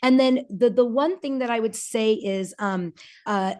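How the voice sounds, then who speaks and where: A woman's voice: on the high side, a little mellow. A woman in her forties, a podcast guest, talking candidly and earnestly, with frequent restarts, and voicing the people she quotes. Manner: earnest, halting with many restarts, acts out quoted dialogue. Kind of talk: candid personal conversation.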